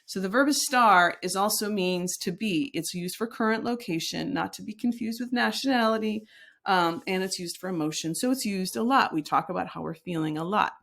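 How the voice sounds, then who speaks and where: A woman's voice: mid-range voice, brisk, vocal fry, a bit bright. A woman teaching a recorded lesson, explaining step by step and modeling example sentences aloud. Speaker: Spanish teacher.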